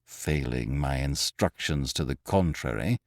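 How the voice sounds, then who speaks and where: A man's voice: deep voice, very animated, unhurried, no room sound, studio quality, heavily acted. A man voicing a proud, wrathful master thief who mutters threats through his teeth in an audiobook reading. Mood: menacing. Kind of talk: audiobook character voice.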